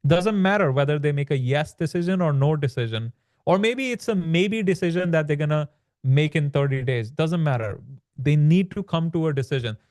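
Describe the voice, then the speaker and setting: Smooth-voiced man explaining on a podcast. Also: on the high side, lively intonation, moderate pace, darkish tone, no echo, clean studio sound. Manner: explanatory, peppers speech with "like" and "right?". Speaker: podcast guest, land business author. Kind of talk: conversational podcast interview.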